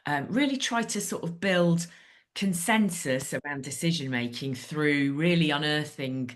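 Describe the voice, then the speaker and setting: Woman, podcast host; low-pitched, thoughtful, hedging delivery. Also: lively intonation, unhurried. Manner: thoughtful, hedging with many fillers. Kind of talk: conversational podcast interview.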